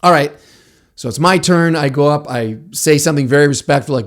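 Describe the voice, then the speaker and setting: This man, a martial arts instructor hosting a podcast, shares a personal story with lively, relaxed energy. Slightly high-voiced and brisk, he frequently laughs and imitates others' words.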